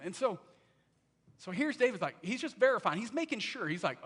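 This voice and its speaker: A man preaching a sermon, telling the story in an animated way and acting out what people say. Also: high-pitched, a little fast, husky.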